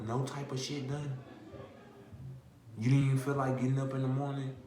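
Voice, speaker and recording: A man delivering a profane comedic rant, hammering his point with rhetorical questions. His pitch is ordinary, and the room adds some echo over faint background noise. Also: darkish tone. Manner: repetitive, rhetorical questions, heavy cursing. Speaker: vlogger.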